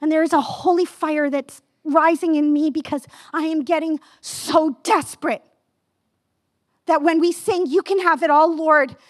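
A woman in her fifties preaching a sermon with passion, asking the listeners direct questions and rising to near-yelling. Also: sits high, steady tone, unhurried, no echo, studio quality. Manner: asks the audience direct questions.

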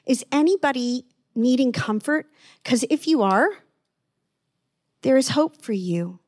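A woman preaching gently in an online sermon, slowing down to stress words and dropping almost to a whisper. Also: sits high, lively intonation, no room sound, studio quality. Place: online church service.

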